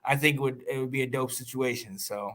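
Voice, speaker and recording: A man from the United States hosting a podcast, talking in a rambling, animated way with frequent laughs and restarts. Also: mid-range voice, fast talker. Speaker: podcast host. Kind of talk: casual chat.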